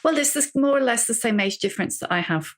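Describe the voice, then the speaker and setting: A woman's voice: on the high side, animated, fast. A woman hosting a podcast, a reflective interviewer who gropes for words as she thinks. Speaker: podcast host. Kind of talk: conversational interview.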